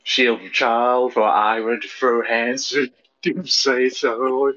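A man's voice: mid-range voice, fairly even intonation, takes it slowly, fairly bright tone. A man playing in a tabletop game session, hesitant and trailing off mid-thought. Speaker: player. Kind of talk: casual tabletop game chat. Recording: slightly dull lo-fi mic.

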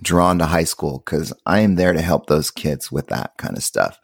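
A man's voice: extremely low pitch, normal speed, gravelly, husky, no echo, clean studio sound. A man guesting on a podcast as a teacher, chatting casually and upbeat, laughing often.

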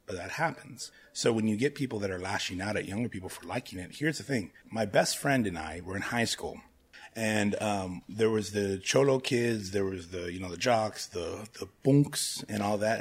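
Husky, low-voiced man telling stories. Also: moderate pace. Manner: profane, animated storyteller who mimics people. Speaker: guest. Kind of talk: casual podcast chat.

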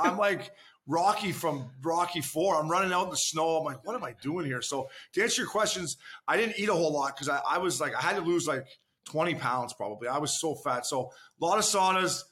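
A man's voice: on the high side, brisk, sharp tone. A man, a former pro hockey player, chatting as a podcast guest, with many restarts and loose swearing, calling the hosts boys and fella. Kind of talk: casual podcast chat.

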